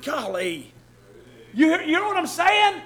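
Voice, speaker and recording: A man preaching a sermon in church, swinging from loud shouting to soft low asides, with many repeats and restarts. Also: very animated, measured pace. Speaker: pastor. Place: church hall with congregation.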